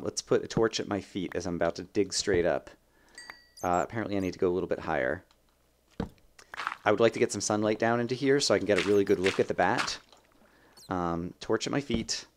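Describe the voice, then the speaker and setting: A young man hosting a let's play, chatting and thinking aloud as he plays, with sudden bursts of excitement. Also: on the low side, a little hiss or hum. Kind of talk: gameplay commentary.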